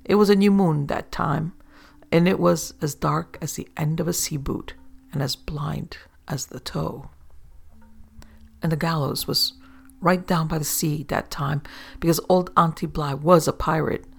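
A man narrating an old sailor's yarn aloud in a steady storytelling manner. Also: a little high, measured pace, gravelly, breathy edge.

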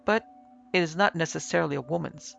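A man voicing a calm male ghost investigator in a measured, precise way in an audiobook reading. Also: fairly high pitch, creaky, faint music behind.

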